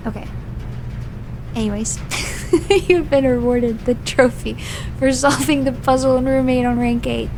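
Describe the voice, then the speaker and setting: A woman's voice: high-pitched, unhurried, slight background noise. A woman streaming a game live. She reads hints aloud, then rants in playful mock outrage and repeats phrases for comic effect. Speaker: virtual streamer.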